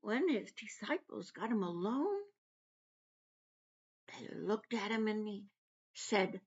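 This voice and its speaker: A woman's voice: medium pitch, expressive, slow pace, pauses often, breathy edge. A woman giving an earnest personal devotional talk, retelling scripture. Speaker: devotional speaker. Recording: dull lo-fi recording.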